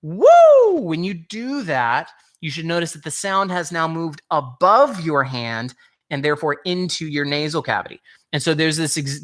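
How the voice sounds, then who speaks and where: A vocal coach leads a singing workshop, patiently explaining things and addressing his listeners directly. His voice sits a little high with a fairly bright tone, and he often corrects himself mid-word.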